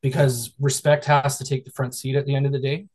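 A man's voice: mid-range voice, flat delivery, brisk, a little mellow, breathy edge, rough recording. Blunt, profane man on a podcast. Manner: blunt, profane, lecturing about respect. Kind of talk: casual fantasy sports chat.

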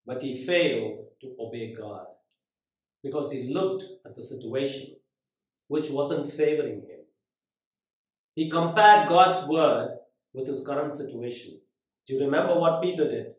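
Dramatic preacher in an echoey hall. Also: male voice, medium pitch, unhurried, pauses often. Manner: dramatic, swinging from loud to very quiet. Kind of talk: sermon storytelling. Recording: very echoey room.

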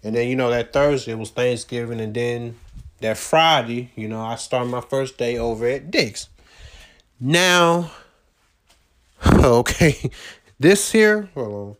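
A man's voice: medium pitch, slow, long pauses. Man rambling slangy on a cheap mic. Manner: profane, loose slangy talk with many fillers. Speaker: vlogger recounting his job search. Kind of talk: casual rambling storytelling. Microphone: no proper microphone.

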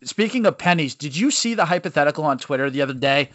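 A man, a youth baseball coach guesting on a podcast, telling stories in blunt, animated sports chat. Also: on the high side, fast talker, no room sound. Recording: dull lo-fi dry sound.

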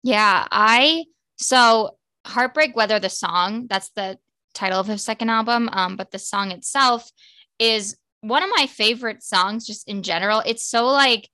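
A woman's voice: on the high side, sharp tone. A young woman in her twenties chatting casually as a podcast co-host, gushing and full of "like" fillers. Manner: fan-girly, quick, lots of "like" fillers. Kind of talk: casual chat.

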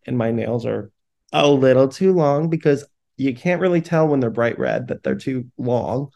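A young man at mid pitch, hosting his own podcast and telling an embarrassing story on himself. He talks casually and candidly, swears freely and keeps breaking into laughter at his own expense. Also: a little mellow. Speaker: podcast host.

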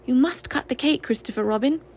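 A woman voicing a calm, motherly female kangaroo in a storybook reading, brisk and caring. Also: high-pitched.

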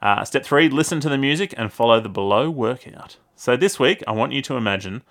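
A man's voice: mid-range voice, expressive, fairly quick, fairly bright tone. A man with an Australian accent co-hosting a podcast, chatting casually, laughing often and stumbling over words. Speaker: podcast co-host.

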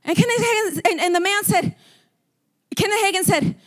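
Her pitch extremely high, the woman preacher alternates between hushed stories and drawn-out, shouted declarations. Words get repeated and restarted often throughout her sermon.

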